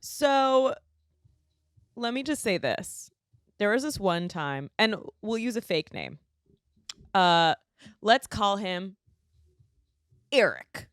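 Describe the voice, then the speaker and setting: A woman's voice: mid-range voice, big pitch swings, takes it slowly, pauses often, clean tone, dry recording, clean studio sound. A woman on a podcast as a guest comedian, telling a frank, bawdy story in casual chat.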